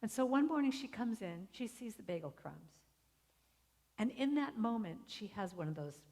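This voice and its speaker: A woman's voice: mid-range voice, expressive, normal speed, dark tone. A middle-aged woman giving a storytelling sermon at a spiritual center, acting out the voices of people in her stories. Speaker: guest speaker. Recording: long hall reverb.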